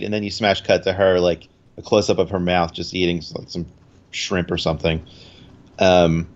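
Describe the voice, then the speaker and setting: A man's voice: low voice, fairly even intonation, normal speed, lo-fi sound. A man casually recapping a TV episode in a podcast chat, rambling with fillers and acting out quotes.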